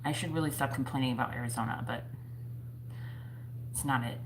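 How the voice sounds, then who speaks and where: A woman's voice: rumbling low, fairly even intonation, a little fast, noisy background. A woman hosting a casual livestream from home, chatting with viewers in a playful, self-mocking way. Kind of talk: casual chat.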